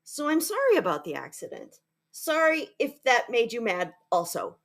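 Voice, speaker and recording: A woman's voice: on the high side, wildly swooping pitch, moderate pace, a bit bright, heavily acted. A woman reading the letters of a sulky young schoolboy who writes stubborn, defensive apologies. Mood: grudging.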